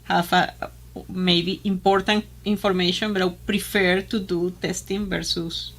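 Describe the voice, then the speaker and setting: A woman's voice: on the low side, level tone, measured pace, fairly bright tone, a little hiss or hum, low-quality recording. A woman co-hosting a talk radio show, speaking in short remarks. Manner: short interjections, laughs often.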